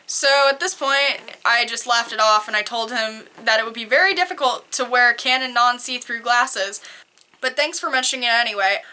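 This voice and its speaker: A young adult woman cosplayer reading posts aloud and reacting in an animated, blunt way, swearing casually. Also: a little high, moderate pace.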